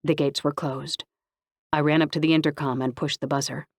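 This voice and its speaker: Audiobook narrator, first-person novel, steady, mid-pitched, dry close sound. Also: brisk, no echo.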